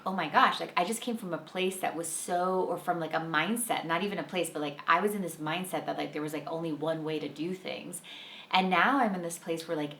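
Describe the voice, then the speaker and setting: A woman hosting a casual spiritual talk, chatty and animated, filling her speech with "like" and acting out the voices she quotes. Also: lowish voice, roomy sound. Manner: chatty, uses "like" constantly, animated quoting. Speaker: podcast host and intuitive guide.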